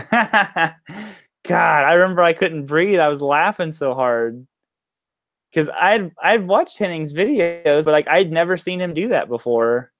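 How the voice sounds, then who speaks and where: A man's voice: fairly high pitch, expressive, unhurried, fairly bright tone, no room sound. A man chatting as a guest guitarist, telling easygoing stories with lots of casual fillers. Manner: easygoing storyteller, many "like" fillers. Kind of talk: casual chat.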